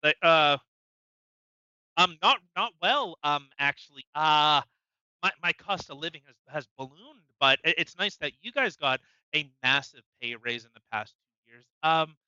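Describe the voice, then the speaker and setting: A man's voice: on the high side, moderate pace, bright, forceful tone, clear, resonant tone, no echo, muffled recording. A man co-hosting a podcast, ranting in a heated, profane way with many stammered restarts. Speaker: podcast co-host. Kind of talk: casual political rant.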